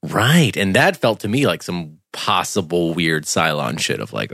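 Male co-host, animated and jokey, bright voice, dry mic. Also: low-pitched, moderate pace, few pauses, dry recording. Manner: animated, profane, jokey, laughs often. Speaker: podcast co-host. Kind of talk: casual rewatch chat.

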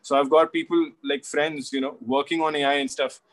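A man's voice: on the high side, flat delivery, brisk. A man chatting as a guest, reflective and loose, with lots of fillers like "you know". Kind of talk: casual conversation.

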